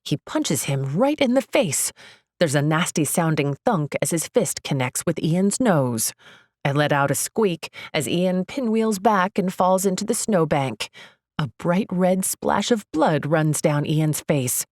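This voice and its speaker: Low-voiced woman narrating a romance audiobook. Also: unhurried, no echo, studio quality. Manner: expressive, leaps high in pitch for her character's outbursts.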